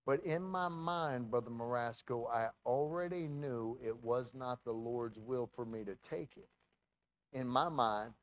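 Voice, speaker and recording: A man pastor telling a story in a sermon, animated and full of restarts and acted-out quotes. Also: medium pitch, a little slow.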